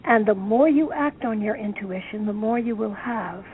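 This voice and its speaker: A woman author being interviewed, speaking in a slow, thoughtful, musing way over a phone line. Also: mid-range voice. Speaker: author guest. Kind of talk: reflective interview talk. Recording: tinny phone line, faint noise.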